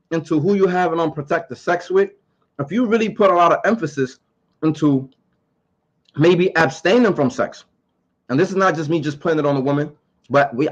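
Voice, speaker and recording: A man's voice: on the high side, lo-fi sound. A man giving his opinions in a casual monologue to camera. He talks emphatically, repeats his points and asks rhetorical questions.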